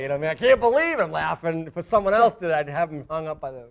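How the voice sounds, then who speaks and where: A middle-aged man, a guest fisherman on a studio talk show, telling stories in an animated way and laughing through them. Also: on the high side, fast, gravelly, hardly any pauses. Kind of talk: animated storytelling. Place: TV studio with live audience.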